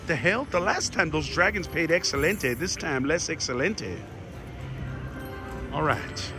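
Animated high-voiced man in a casino. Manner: animated, jokey, shouts at the machine, fast swings. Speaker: casino vlogger. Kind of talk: excited slot-play commentary. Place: casino floor. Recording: slot machine music behind.

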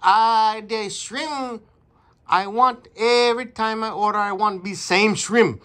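A man's voice: high voice, slow pace, sharp tone, exaggerated voice. A man playing a fussy restaurant customer phoning in an order, with a put-on Chinese accent and broken, haggling grammar. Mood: complaining. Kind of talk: comic phone order role-play.

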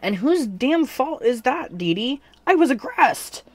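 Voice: high-pitched, big pitch swings, measured pace, dry recording, voice pushed up, full character voice. Narrator voicing a sarcastic young cyborg. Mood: wry. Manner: sarcastic, self-mocking. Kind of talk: fan fiction audiobook reading.

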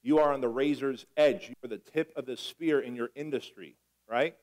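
Male motivational speaker, middle-aged, animated storyteller who swears and acts out dialogue on stage. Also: medium pitch, moderate pace, rough recording. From Armenia. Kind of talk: live motivational talk.

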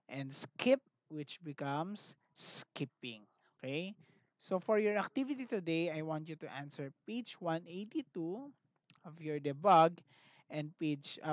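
A grade one teacher with a Filipino accent, teaching an online class in a slow, clear and patient manner. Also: mid-range voice, dry recording, highs cut off. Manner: slow, clear, patient classroom delivery, mixing English and Tagalog.

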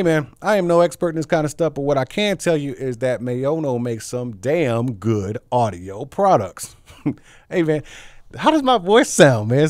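Chill guy reviewing a mic, chatty, jokey, says y'all and man all the time, mid pitch. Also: darkish tone. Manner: laid-back, chatty, jokes with viewers. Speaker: tech reviewer. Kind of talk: casual product review vlog.

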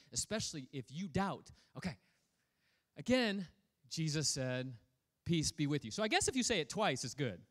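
A man preaching a sermon as a pastor, casual and joking, reading scripture aloud and breaking off to comment on it. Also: on the high side. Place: church hall.

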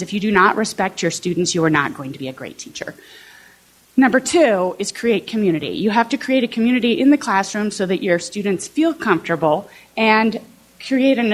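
A woman professor from southern Illinois giving a conversational talk to fellow teachers, often checking in with the audience. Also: mid-range voice. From southern Illinois, USA. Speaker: political science professor.

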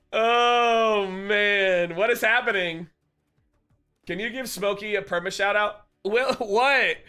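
A man's voice: sits high, takes it slowly, pushed and bright, clear, resonant tone. A man streaming live, chatting casually and joking with his viewers, often breaking into laughter.

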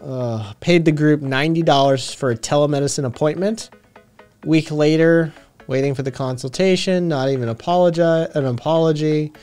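A man's voice: fairly high pitch, moderate pace, darkish tone, smooth, faint music behind. Easygoing man streaming with a slight Tennessee accent. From Vermont and Tennessee. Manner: rambling, swears freely, laughs often. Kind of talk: casual live-stream chat.

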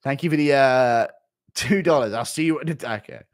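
A man's voice: mid-range voice, fairly quick, dry recording, studio quality. A young man livestreaming and reading out paid chat messages, laughing, swearing and acting mock-exasperated.

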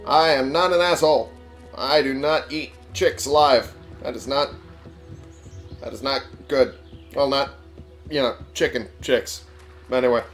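Sarcastic guy swearing through a game playthrough, mid pitch, faint game music under him. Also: fairly even intonation, unhurried, pauses often, a bit bright. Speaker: gamer playing on a channel. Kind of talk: casual let's play commentary.

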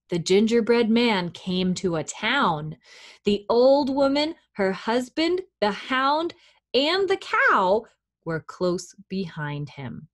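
A woman children's librarian reading a picture book aloud at storytime, gentle and encouraging toward young children. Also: medium pitch, sing-song, slow.

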